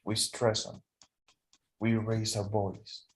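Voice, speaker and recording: A man's voice: on the low side, monotone, low-quality recording. Patient male English tutor. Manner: explains slowly, checks in with okay often. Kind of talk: online tutoring lesson.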